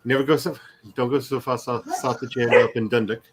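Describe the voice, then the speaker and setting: A man's voice: medium pitch, fairly even intonation, fast talker, background noise. A man in casual chat, teasing his friends and telling long, rambling stories. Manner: teasing, rambling anecdotal storyteller.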